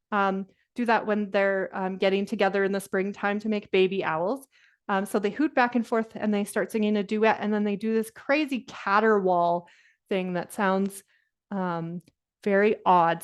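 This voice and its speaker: A woman's voice: medium pitch, clear, resonant tone. A woman presenting a nature lesson to children over a video call, upbeat and encouraging, with laughs and fillers.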